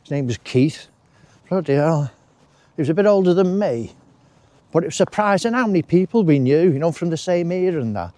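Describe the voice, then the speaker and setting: A male walking vlogger rambles casually as he strolls through a wooded park outdoors, dropping friendly asides. His slightly high voice is expressive and warm, moving a little quickly, and the recording carries no room sound.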